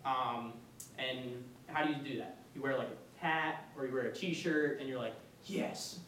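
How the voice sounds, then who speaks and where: A man's voice: normal speed, a bit bright. A young man giving a casual faith talk as a student retreat speaker, chatty, laughing often and using many fillers. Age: young adult. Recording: echoey room from far off, faint rumble.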